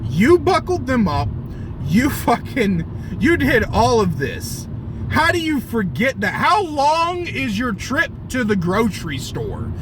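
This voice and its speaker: A young man, a vlogger who drives for a ride app, in a furious, swearing rant that bursts into shouts. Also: very high-pitched, huge pitch swings, takes it slowly, background noise. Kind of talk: angry profane rant.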